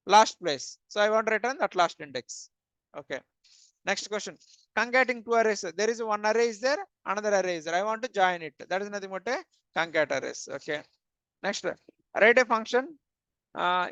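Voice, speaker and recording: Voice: mid-range voice, a bit bright, no room sound. A programming instructor teaching a live coding class, asking the students questions, answering them, and saying "okay" often. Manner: plain repetitive wording, many "uh" fillers. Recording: dull, dry lo-fi recording.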